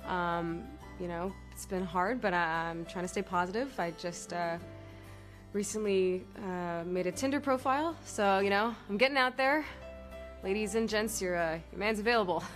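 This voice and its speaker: A woman's voice: medium pitch, moderate pace, faint music behind, close to an everyday voice. A woman playing a washed-up man who climbed a mountain in a cauldron, rambling awkwardly in a comedy sketch. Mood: forced cheer. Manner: awkward, rambling, trying to sound upbeat.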